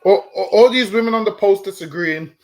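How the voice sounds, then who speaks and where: Man, high voice, preachy lecturing tone, repeats words, stream discussion. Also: fairly quick. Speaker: street preacher co-host.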